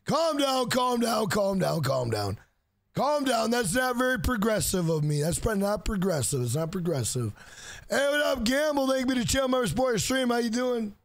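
A man streaming a game live, loud and profane, joking around, greeting viewers by name and breaking into shouted rhyming bits. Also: extremely high pitch, very animated, normal speed, no echo.

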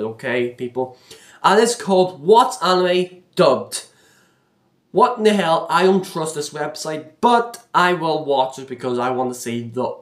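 A man with a fairly high voice rants to the camera, exasperated and complaining. He rambles, circles back and repeats himself, taking his time over the words. The sound bounces around an echoey room. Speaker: vlogger. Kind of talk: casual rant to camera.

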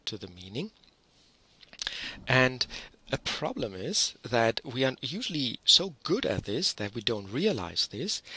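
Husky, bright-voiced male lecturer. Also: mid-range voice, low-quality recording. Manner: measured, explanatory, with frequent ums and restarts. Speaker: university lecturer. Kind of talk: online lecture.

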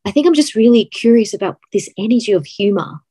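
A woman's voice: mid-range voice, animated, quick pace, dark tone, husky, no room sound, poor audio. A woman asking a question in a live session, hesitant with many fillers.

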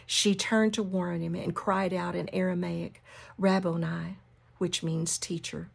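A woman leading a Bible study, reading scripture and teaching. She drops into a hushed whisper for emphasis and repeats key phrases. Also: fairly low pitch, steady tone, measured pace, creaky, slightly rough.

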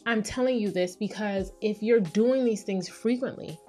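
A woman's voice: mid-range voice, normal speed, mellow, faint music behind. A woman, hosting a casual solo podcast as a therapist and talking candidly and playfully. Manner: candid, playful, acts out quoted voices.

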